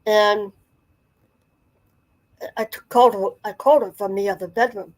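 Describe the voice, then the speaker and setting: A woman's voice: mid-range voice, fairly even intonation, moderate pace, rough recording. A woman in her forties telling a personal story in a casual, rambling way, full of fillers and restarts. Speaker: channel host.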